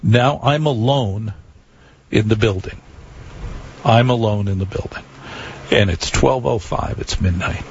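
A man's voice: lowish voice, measured pace, pauses often, lo-fi sound, a little hiss or hum. A man hosting a late-night radio talk show, rambling wryly through a monologue to listeners. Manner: wry, conversational, repeats phone number.

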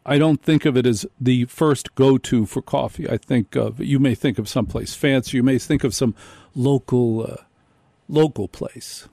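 Animated male radio host with dry sound. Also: medium pitch, normal speed, vocal fry, no echo. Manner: animated storytelling, acts out quoted people. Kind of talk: comedic radio monologue.

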